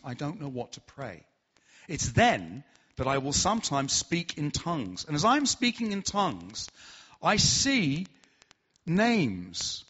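A man's voice: on the high side, lo-fi sound. A man preaching a sermon, telling stories and asking the congregation questions as he goes. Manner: storytelling, animated, asks the audience questions. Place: church.

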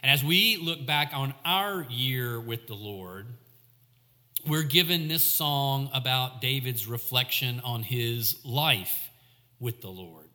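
Guy preaching in church, slow thoughtful delivery, sharp bright tone, long echo. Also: mid-range voice, lively intonation. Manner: measured, reflective, slows for emphasis. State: coughing, clearing throat. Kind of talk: sermon.

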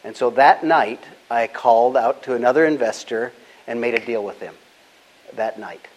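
Older guy, calm and measured, telling business stories in an interview. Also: mid-range voice, poor audio. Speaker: guest, business founder. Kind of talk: storytelling interview answers.

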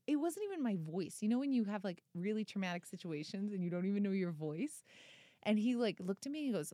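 A woman around thirty, a podcast co-host and author, tells a story in casual chat, full of energy, fillers and swearing. Her mellow, medium-pitched voice swings widely in pitch and she talks fast. The recording is studio quality with no room sound.

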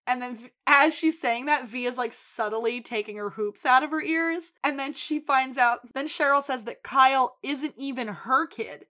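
A woman's voice: a little high, moderate pace, few pauses. A woman co-hosting a podcast, recapping an episode in casual chat and acting out the quotes. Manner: animated storytelling, acts out quotes. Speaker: podcast co-host.

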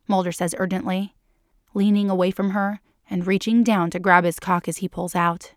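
A woman narrating a story for a podcast in a calm, unhurried reading voice. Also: fairly low pitch, dry recording, clean studio sound.

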